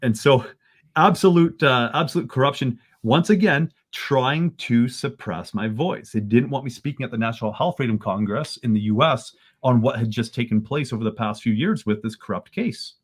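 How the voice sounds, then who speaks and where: A man from Canada, a podcast guest, telling a story in an animated way that rises into excited bursts. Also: mid-range voice, moderate pace, slightly rough.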